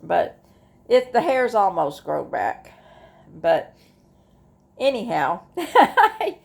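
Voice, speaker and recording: A woman's voice: fairly low pitch, sing-song, takes it slowly, vocal fry, darkish tone. A middle-aged woman, talking casually to the camera in a rambling way that is full of restarts and asides. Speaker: vlogger. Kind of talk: casual talk to camera about grief.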